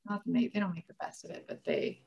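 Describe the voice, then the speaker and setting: Woman in her thirties, podcast co-host, creaky voice, reflective casual chatter. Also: fairly low pitch, wildly swooping pitch, a little fast, dull audio. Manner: reflective, musing, trails off mid-thought. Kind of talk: casual chat.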